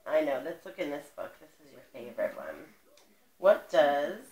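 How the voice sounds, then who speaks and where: A woman's voice: extremely low pitch, big pitch swings, quick pace, warm tone, roomy sound. A woman reading a picture book aloud to a toddler in a coaxing, sing-song voice with exaggerated baby talk. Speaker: parent.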